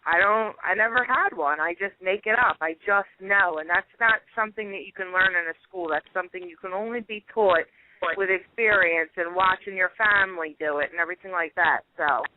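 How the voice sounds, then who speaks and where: A woman's voice: lowish voice, brisk. A talkative woman with a strong Philadelphia accent, calling in to a radio show. Her voice comes through a tinny, narrow phone line with a faint hiss underneath. She tells stories with lots of energy and laughter. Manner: animated storyteller, laughs often, lots of "you know" and "like". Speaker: guest, home cook.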